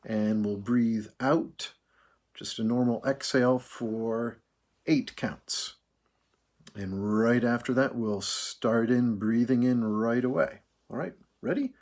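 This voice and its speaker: Slow, calm male choir director. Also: medium pitch. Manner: slow, calm, counting out breathing exercises. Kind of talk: leading vocal warm-ups.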